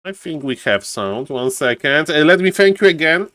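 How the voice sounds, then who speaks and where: A man's voice: a little high, expressive, normal speed, fairly bright tone, dry recording. A man casting a live strategy game on stream, a showy announcer who keeps repeating his catchphrases and greets chat by name. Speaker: esports caster and streamer.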